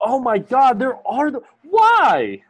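A man in his thirties co-hosting a podcast in casual chat, animated, swearing a lot and full of fillers. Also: on the high side, brisk. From Maryland, USA. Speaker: podcast co-host.

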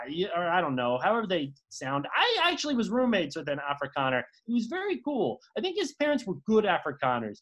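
Animated rambling podcast host. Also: a little fast, hardly any pauses. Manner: rambling, with many fillers and restarts; swoops from low to high when excited. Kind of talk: casual chat.

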